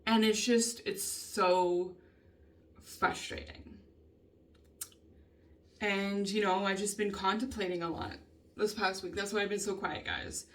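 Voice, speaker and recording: A woman's voice: medium pitch, steady tone. Upset woman venting, heavy swearing. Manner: frustrated, swears a lot, halting with many ums. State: upset and emotional. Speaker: vlogger. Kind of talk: casual venting vlog. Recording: voice a bit distant from the mic.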